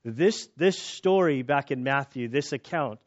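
Animated casual male preacher, dull recording. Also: medium pitch, measured pace. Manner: casual, animated, self-deprecating jokes, many restarts. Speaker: pastor. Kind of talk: sermon. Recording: slightly dull lo-fi sound.

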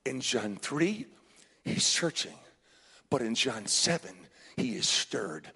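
A man preaching a sermon as pastor, fervent, swinging between hushed passages and shouted ones. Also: mid-range voice, sing-song, slow pace, gravelly, breathy edge. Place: restaurant hosting a Sunday service. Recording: long reverb in a large room.

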